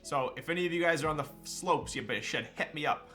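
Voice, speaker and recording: A young man chatting loosely with his stream chat, his voice bright and a little sharp. He talks in a relaxed, slangy way, with plenty of fillers and restarts, while faint music runs behind him. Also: on the high side, fast talker. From Southern California. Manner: laid-back, slangy, with frequent fillers and laughs. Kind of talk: casual live-stream chat.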